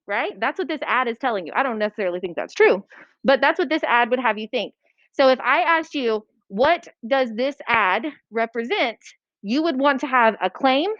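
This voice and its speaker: A woman teaching a writing lesson to a class, brisk and checking that students follow. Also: a little high, dry recording. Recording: dull lo-fi classroom recording.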